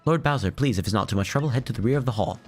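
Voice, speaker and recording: A man's voice: mid-range voice, rapid-fire, a little mellow, faint music behind, lightly acted. A man voicing a polite, formal male castle guard who sounds apologetic.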